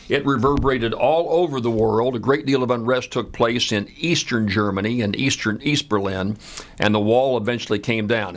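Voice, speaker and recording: Unhurried and conversational, this American man in his seventies recounts a personal story, sprinkled with plenty of "uh" fillers. His voice is lowish.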